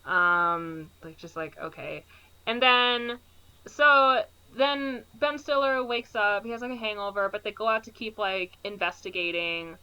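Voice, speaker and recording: A woman's voice: mid-range voice, measured pace, bright, forceful tone, clean tone, dull audio. A woman co-hosting a podcast, casually recapping a movie plot and filling her sentences with "like". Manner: rambling, heavy use of "like" fillers. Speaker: podcast co-host.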